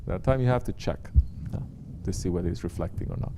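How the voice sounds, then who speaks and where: A man's voice: low-pitched, fast talker, background noise. A man giving a spiritual talk to his students as their Sufi teacher. He repeats his points and often checks in with short questions to the room. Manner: repetitive, checks in with rhetorical questions.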